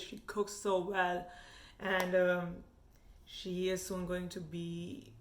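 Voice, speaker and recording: A young woman with a light Indian English accent talks in a slightly low voice, candid and animated. She reviews a show in casual vlog style, leaning on "like" as she thinks aloud. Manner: animated and frank, with frequent "like" fillers.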